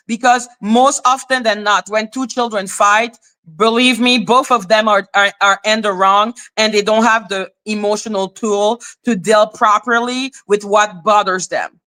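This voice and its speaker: A former teacher turned livestream host, this woman talks bluntly and swears without pause. Her voice sits a little high and rings bright and sharp. It is casual, animated commentary delivered straight to her audience. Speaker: live commentary channel host.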